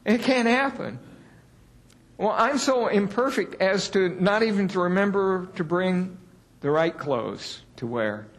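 Slow, high-voiced preacher man. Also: animated. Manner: folksy, candid and self-deprecating; builds to raised emphasis on key words. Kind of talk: sermon.

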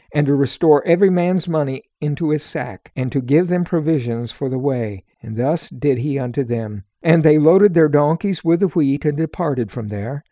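A man reading a scripture story aloud at a steady, measured pace. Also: medium pitch, no room sound, clean studio sound. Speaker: scripture reader.

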